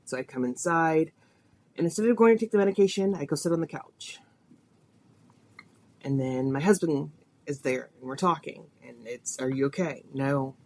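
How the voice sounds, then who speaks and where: A woman's voice: sits low, moderate pace, long pauses, a little mellow. A woman hosting a podcast, telling a personal story in a confessional, emotional way, her voice rising and falling with feeling. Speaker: podcast host.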